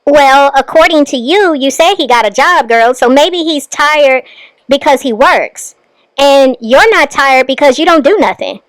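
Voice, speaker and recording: A woman with a high, bright-pitched voice talks back at a clip in sarcastic, scolding commentary. She sounds close and dry, with no room around her. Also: expressive, measured pace, dry recording. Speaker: commentary channel host. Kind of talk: reaction commentary.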